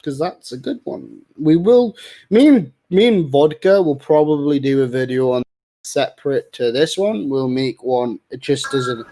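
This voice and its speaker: A young man hosting a casual call, narrating a silly story in a goofy way with sudden bursts of yelling. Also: medium pitch, measured pace. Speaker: host.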